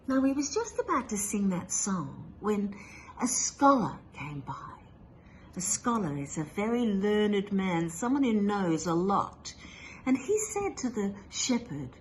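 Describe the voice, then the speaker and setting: A woman storyteller telling a tale during a religious service in a gentle, expressive way. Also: medium pitch, a little slow, slight background noise.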